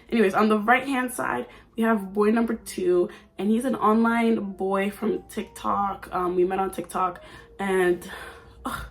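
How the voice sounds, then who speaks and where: Chatty nineteen-year-old woman vlogging. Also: medium pitch. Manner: chatty, oversharing, playful. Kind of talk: casual chat. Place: at home under a ring light.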